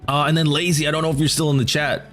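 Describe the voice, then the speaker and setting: A man streaming a game and chatting casually with viewers, rambling and repeating words as he thinks aloud, his voice going hoarse. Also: on the high side, flat delivery, rapid-fire, fairly bright tone, faint music behind. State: losing his voice.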